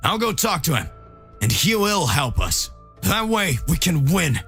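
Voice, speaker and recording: Eager cheerful hero, friendly, high lively voice, gravelly, as a man puts him on. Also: a little slow, faint music behind, full character voice. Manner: excited, friendly.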